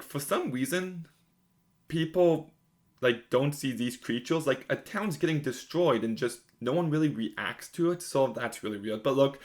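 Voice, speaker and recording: A young man giving a casual spoken film review, frank and exasperated, with plenty of "like" and "um" fillers. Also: a little high. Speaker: movie reviewer.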